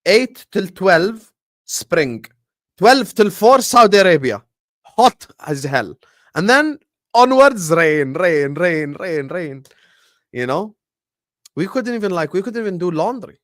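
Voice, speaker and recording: Here the streamer's voice is high and a little slow, with clean studio sound and no room tone. He's a twentysomething from Liverpool with a Scouse accent, reading viewers' chat aloud and answering their questions in an animated, slangy, joking way.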